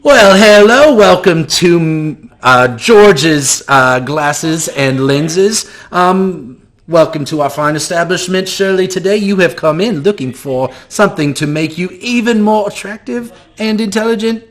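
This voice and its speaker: A game master playing a smooth-talking male shopkeeper, fawning over a customer with polished sales patter. The voice stays close to the man's own. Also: high-pitched, expressive, measured pace, few pauses, a bit bright, voice pushed up. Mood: charming.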